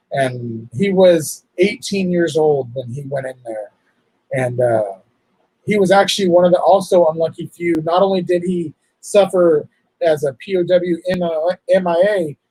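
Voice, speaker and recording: A man hosting a casual livestream, talking in an emotional, halting, apologetic way. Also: fairly high pitch, mellow, husky, no room sound, low-quality recording. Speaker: livestream host.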